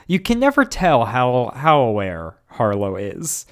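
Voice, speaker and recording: A young man co-hosting a casual podcast chat, talking in halting stops and restarts with dry jokes. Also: mid-range voice, sing-song. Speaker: podcast co-host.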